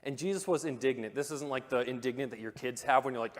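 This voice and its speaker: A man of ordinary pitch delivers a sermon in a church auditorium, his voice trailing a long hall reverb. He keeps it conversational and animated, tossing in jokes, then drops low and hushed for weight. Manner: conversational and animated, with joking asides and dramatic hushed pauses. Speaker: preacher.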